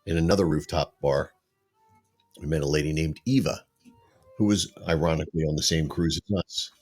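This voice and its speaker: Husky low-voiced man telling stories. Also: steady tone, moderate pace, a little mellow, soft background music. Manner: storytelling, laughs often. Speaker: podcast co-host. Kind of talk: casual chat.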